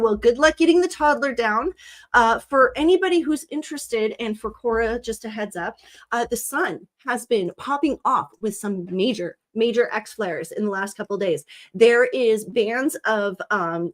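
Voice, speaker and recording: A woman talking to her livestream audience in a loose, rambling way. Her voice sits a little high, and she fills pauses with ums while greeting viewers by name. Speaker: livestream host and psychic reader. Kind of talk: casual livestream chat.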